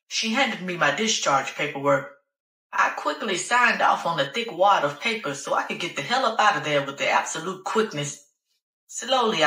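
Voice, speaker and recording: A woman's voice: low-pitched, pushed and bright, reverberant, far from the mic, poor audio. A woman narrating a first-person audiobook in a sassy, profane, conversational manner.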